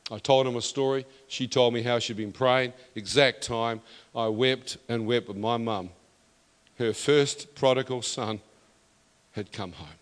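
A man preaching his testimony, his voice sitting at an ordinary middle pitch. He is emphatic and builds toward loud declarations. His voice rings with the long reverb of a large church hall. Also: a little slow. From New Zealand. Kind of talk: testimony sermon.

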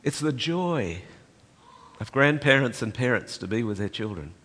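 A man's voice: medium pitch, expressive, moderate pace, slightly rough. Older man preaching in a hall. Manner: impassioned, rising to loud emphatic peaks then dropping soft. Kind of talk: sermon. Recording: reverberant hall.

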